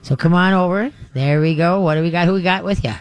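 Man, radio host, dog advice, high voice, rambling and folksy, live remote broadcast. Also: fast, clean tone. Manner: rambling, folksy, many restarts.

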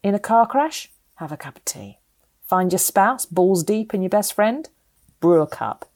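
A woman's voice: medium pitch, expressive, a little slow, a little mellow. A middle-aged British woman with a British accent reading her opinion column aloud in a wry, sardonic, opinionated way. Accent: British English.

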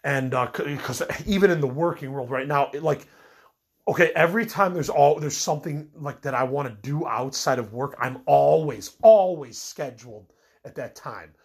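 A middle-aged man, sick with a cold, talks at a normal speed in a slightly high voice marked by vocal fry and a breathy edge. As a podcast host, he rambles casually and airs his frustrations, restarting often and using many fillers.

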